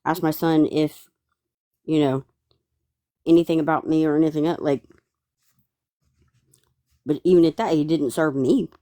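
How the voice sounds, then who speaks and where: A caller in their forties with a warm, mellow voice. They talk hesitantly, restarting sentences and filling pauses with ums. The delivery is casual live chat. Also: medium pitch, fairly even intonation. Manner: hesitant, halting, many fillers.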